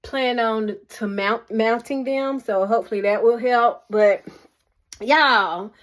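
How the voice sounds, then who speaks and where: Woman DIY vlogger, slightly high voice, giggly casual chat filmed on a selfie stick in her closet. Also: slow. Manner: chatty, laughs often, keeps calling viewers "y'all". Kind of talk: casual vlog chat to viewers. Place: small indoor walk-in closet at home. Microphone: camera on a selfie stick or mini tripod.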